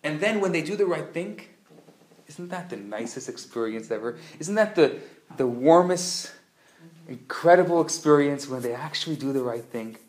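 A man teaching a live class, an animated, playful storyteller who acts out the dialogue. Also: fairly high pitch, normal speed. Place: classroom at a community center. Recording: roomy live room sound.

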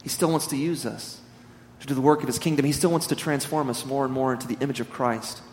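Animated preacher in an echoing hall. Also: male voice, medium pitch, quick pace, slight background noise. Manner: animated storytelling, humorous. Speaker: pastor. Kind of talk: sermon. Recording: echoey hall reverb.

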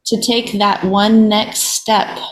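A woman hosting a show, thanking a guest and leading a quiet guided reflection in a soft, measured way. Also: medium pitch, little pitch movement, poor audio. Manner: soft, measured, with drawn-out pauses. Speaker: podcast host.

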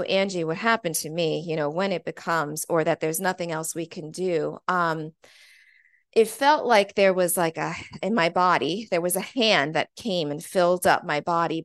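Casting: woman, 40s, podcast guest, animated storyteller, dry close sound, mid pitch. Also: smooth, dry recording. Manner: animated, chatty with frequent "like". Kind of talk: conversational storytelling.

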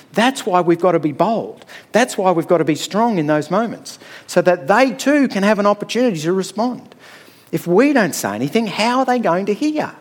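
A middle-aged man with a voice that sits high preaches a sermon in a conversational, storytelling style, frequently checking in with "all right?".

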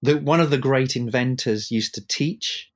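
A man chatting casually as a musician guest in an interview, starting and restarting sentences as he tells animated stories. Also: mid-range voice. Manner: halting, many restarts, animated storyteller.

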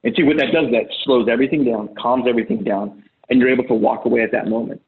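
A blunt, profane relationship coach talks fast on a video call in a mid-range, fairly evenly intoned voice, often acting out the voices he quotes. It's casual advice talk, and the tinny, phone-like audio carries a little hiss or hum.

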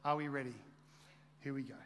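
A man's voice: mid-range voice, flat delivery, fairly quick, a bit bright, smooth. A man preaching a sermon with energy, firing rhetorical questions at his congregation. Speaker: pastor. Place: church hall. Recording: long reverb of a large hall.

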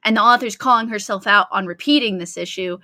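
A woman's voice: medium pitch, fast talker, sharp tone, no room sound. A woman co-hosting a casual book review chat, blunt and exasperated in her critique.

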